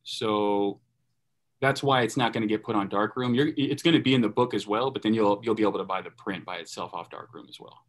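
A man, a guest on a podcast, talking casually and relaxed about his photo work. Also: lowish voice, brisk. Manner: relaxed, uses fillers.

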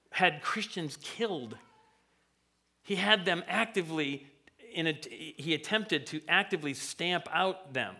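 Lively bright-voiced male preacher. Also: fairly high pitch. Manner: animated, conversational, acts out voices from stories. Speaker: pastor. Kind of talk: sermon. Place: church sanctuary.

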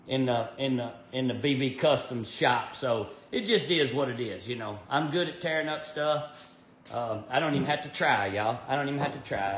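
A man's voice: on the high side, fairly bright tone, a little hiss or hum. Easygoing man in an echoey shop. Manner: rambling and easygoing, full of fillers, greeting viewers by name. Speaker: race car builder livestreaming from his shop. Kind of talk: casual livestream chat. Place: garage workshop.

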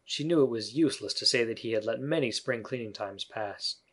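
A male audiobook narrator reading a children's classic in a measured, even scripted narration. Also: mid-range voice, breathy edge.

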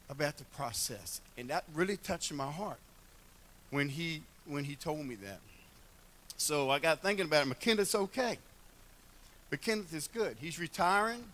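Older man, church talk; folksy, joking storyteller with a slightly high voice. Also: a bit bright. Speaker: church member speaking at a retirement celebration. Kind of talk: heartfelt church address.

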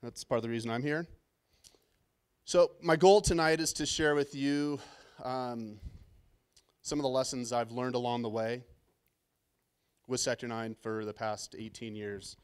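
Speaking into a stage mic at his first conference keynote, this middle-aged Southern Californian tells stories in a casual, self-deprecating, slightly nervous way. His medium-pitched voice is clean and fairly even, unhurried, with frequent pauses.

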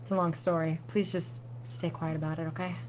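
A woman's voice: deep voice, little pitch movement, quick pace, darkish tone, slight background noise, lightly acted, poor audio. A woman voicing a secretive female mayor in an online game role-play, talking hurriedly and pleading. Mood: nervous.

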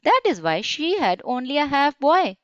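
A woman voicing an old wise man in a children's storybook, explaining things in a measured way. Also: sits high, sing-song, fairly bright tone, no echo, highs cut off, pitched above the performer's own voice. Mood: advising. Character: old wise man giving calm advice.

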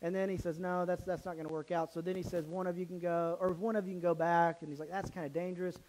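A man with a higher-than-usual voice delivers a sermon in a church. He tells the story casually and with animation, stumbling and restarting as he goes. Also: little pitch movement, quick pace, a little mellow, slight background noise, rough recording. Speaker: pastor.

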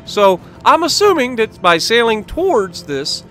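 A man narrates his gameplay in a casual, playful way, joking with his viewers and sometimes scolding the game. His voice sits fairly high and bright. Soft game music plays underneath. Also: sing-song, slow pace. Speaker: gaming channel host.

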